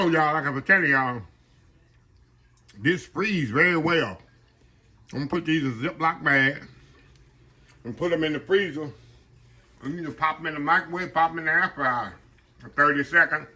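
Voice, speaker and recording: A middle-aged man and kitchen manager chatting excitedly in a casual cooking vlog, talking to viewers from his kitchen while the camera sits on a tripod. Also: fairly high pitch. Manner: chatty and excited, keeps addressing viewers as y'all. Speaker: home cook and kitchen manager. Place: home kitchen, indoors.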